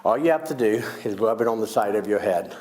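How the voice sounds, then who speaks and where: A man's voice: on the low side, lively intonation, fast talker, darkish tone. A man performing comedic magic on a school stage, teasing his young volunteers with wisecracks. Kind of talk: comedic magic show patter.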